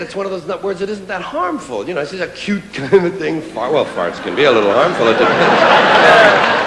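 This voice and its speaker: Male stand-up comic, lively swooping delivery, roomy live hall with audience roar and noise. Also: sits high. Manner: animated, mock-incredulous, playful emphasis. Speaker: stand-up comedian. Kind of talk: stand-up comedy routine. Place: live stage before an audience. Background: audience laughter and crowd noise.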